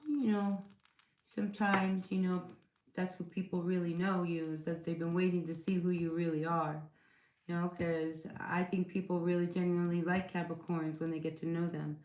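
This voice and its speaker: A tarot reader speaks in a fairly low, darkish voice with fairly even intonation and normal speed, recorded in an echoey room. Her casual reading is chatty and reassuring, with many fillers and frequent rhetorical "all right?" and "you know" check-ins.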